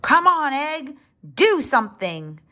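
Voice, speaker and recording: Woman reader playing a big excitable dad dinosaur, loud, exclaiming. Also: medium pitch, unhurried, husky, full character voice.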